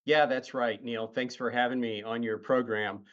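A man being interviewed as an accountant guest, giving measured answers. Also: medium pitch, steady tone, fairly bright tone, highs cut off.

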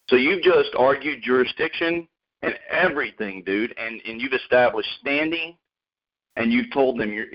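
A man hosting a radio show, talking in a rambling, casual way and calling people dude and man. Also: mid-range voice. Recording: muffled lo-fi radio audio.

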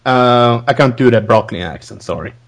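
A man's voice: medium pitch, expressive, moderate pace, vocal fry. A man hosting a podcast, recapping wrestling in a rambling, casual way, laughing often between restarts. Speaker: podcast host.

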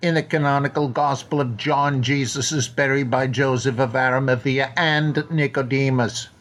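A man doing a self-admittedly poor impression of a grand Welsh actor, reading out a listener's letter in a put-on Welsh accent with a measured, declamatory delivery. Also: medium pitch, steady tone, a bit bright, natural voice. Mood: declaiming.

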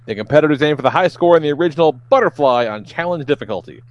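A man's voice: a little high, lively intonation, fast talker, dull audio. A man hosting a casual podcast, loose and profane, running through a list of game entries.

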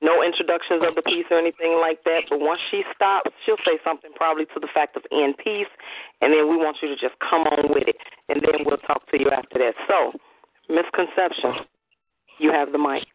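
A man's voice: fairly high pitch, fairly even intonation, fairly quick, dry recording. A man hosting a call-in radio show, laid-back and joking, who often talks over his callers. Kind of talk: casual call-in radio chat. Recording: tinny phone line.

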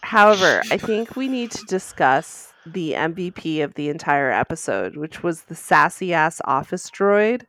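A woman's voice: deep voice, very animated, moderate pace, few pauses, fairly bright tone. A woman co-hosting a podcast, chatting casually and gushing as an enthusiastic fan. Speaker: podcast co-host. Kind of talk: casual chat.

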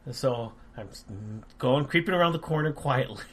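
A man of medium pitch tells everyday stories on a casual podcast, dry and relaxed, with short laughs. A faint hiss sits under the recording. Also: normal speed. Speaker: podcast co-host. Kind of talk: casual chat.

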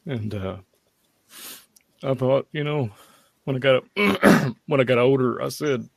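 A man, giving a halting, heartfelt personal testimony at a prayer meeting. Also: mid-range voice, animated, gravelly, no room sound, clean studio sound. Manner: halting, heartfelt, many fillers. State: tearful at times.

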